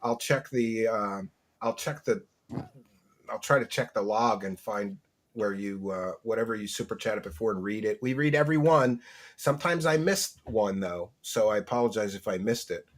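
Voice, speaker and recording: A man's voice: on the low side, normal speed. A man hosting a casual livestream chat, reading viewer messages aloud and laughing often. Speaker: host.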